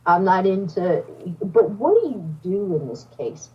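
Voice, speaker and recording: A woman's voice: fairly low pitch, measured pace, breathy edge, far from the mic, muffled recording. A woman guest on a podcast telling a personal story in a casual way, acting out the voices of the people in it. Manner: animated storyteller, acts out dialogue. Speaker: podcast guest, psychic medium.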